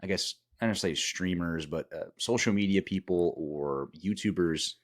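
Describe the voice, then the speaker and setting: A man's voice: low voice, moderate pace. A man co-hosting a casual podcast, rambling and restarting his sentences, tired. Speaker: podcast co-host.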